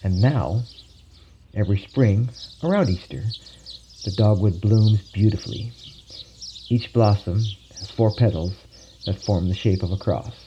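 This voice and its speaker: A man narrating a legend in a measured, solemn storytelling manner, on a dull lo-fi recording with faint birdsong behind. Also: fairly low pitch, noisy background.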